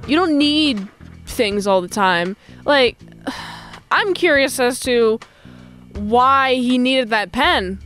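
A woman's voice: fairly high pitch, lively intonation, slow pace, fairly bright tone, faint music behind. A young woman recapping and reviewing a TV episode in a casual, rambling, chatty way. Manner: chatty, rambling, lots of fillers.

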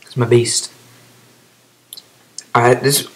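A man's voice: mid-range voice, moderate pace, pauses often, poor audio. Rambling young man commenting on gameplay. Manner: rambling, excitable outbursts, then trailing off quietly. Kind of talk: casual game commentary.

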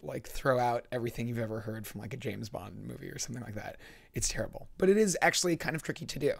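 Relaxed young man with dry humor. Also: medium pitch, creaky. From California, United States. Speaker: vlogger. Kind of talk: casual chat to camera.

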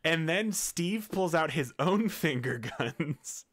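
A man's voice: fairly high pitch, expressive, slow, a bit bright. A man casually recapping a film's plot for his co-hosts, rambling and laughing as he goes. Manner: rambling, laughs while retelling scenes. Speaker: podcast co-host recapping a film. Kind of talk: casual chat.

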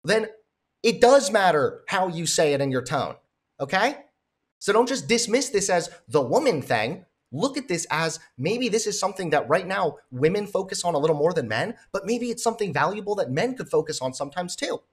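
A man's voice: sits high, big pitch swings, moderate pace, slightly rough. A man hosting reaction commentary in a sarcastic, scornful and profane way. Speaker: commentary host.

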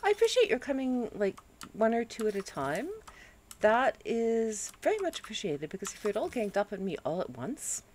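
A woman streaming a video game from home, groggy after a headache, chatting calmly with viewers and fussing at her dog. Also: on the high side, normal speed, slight background noise. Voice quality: calm, soothing voice. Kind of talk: casual live-stream gameplay chat.

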